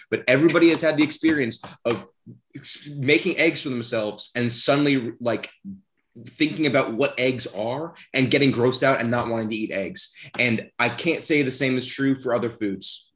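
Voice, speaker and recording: A man's voice: medium pitch, moderate pace, fairly bright tone. A man in a comedic mock debate on a podcast, heated and profane, calling his opponent mocking nicknames.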